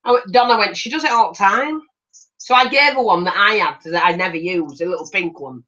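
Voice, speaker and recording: A woman's voice: medium pitch, fairly quick, muffled recording. An older grandmother, chatting as she works on a craft tutorial and acting out little voices in her stories. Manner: animated, acts out voices in anecdotes. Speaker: craft channel host. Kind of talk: chatty storytelling while crafting.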